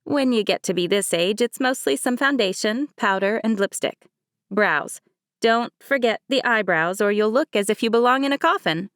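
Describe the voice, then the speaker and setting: A woman's voice: a little high, lively intonation, moderate pace, fairly bright tone, dry recording, clean studio sound, voice pushed up. Woman putting on a bossy, teasing grandmother of seventy-three. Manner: teasing, commanding. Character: bossy 73-year-old grandmother.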